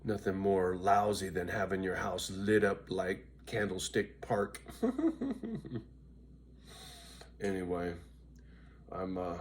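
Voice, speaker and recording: With a low, flat voice at a measured pace, a middle-aged vlogger addresses his viewers over slight background noise. Exhausted and loopy, he's chatty and profane, frequently checking "right?"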